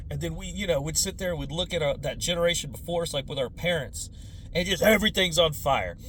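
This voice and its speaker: Speaking a little fast in a slightly high register, a man in his forties rants comedically about politics and the generations. His commentary is casual, animated, and profane, packed with imitated voices, and there's a faint hiss or hum behind him.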